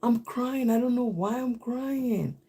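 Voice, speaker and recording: A woman's voice: fairly high pitch, slow pace, mellow, a little hiss or hum, voice pushed up. A man voicing a tearful woman card reader from a live stream, emotional and insistent as he retells her words.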